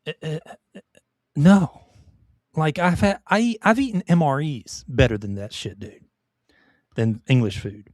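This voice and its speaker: A man's voice: a little high, a little slow, pauses often, darkish tone, dry recording, clean studio sound. A man co-hosting a podcast, ranting in casual chat with swearing and restarts. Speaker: podcast co-host.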